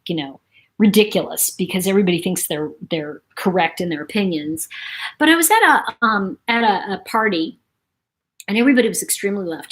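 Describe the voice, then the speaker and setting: Chatty, breathy woman host. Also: medium pitch. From New York City. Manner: chatty, animated, reads viewer comments aloud. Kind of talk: casual live-stream chat.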